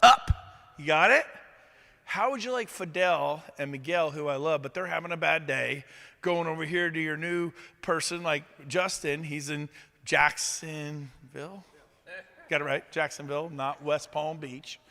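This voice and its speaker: A man's voice: fairly high pitch, unhurried, gravelly. Upbeat man speaking in a reverberant hall. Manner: energetic, upbeat, asks the audience questions. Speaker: motivational speaker. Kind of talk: motivational stage talk.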